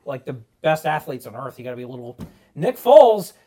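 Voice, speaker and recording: A man's voice: mid-range voice, very animated, fairly quick, dark tone. A man hosting a casual sports podcast, joking and asking the panel playful questions. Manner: jokey, asks playful questions. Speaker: host.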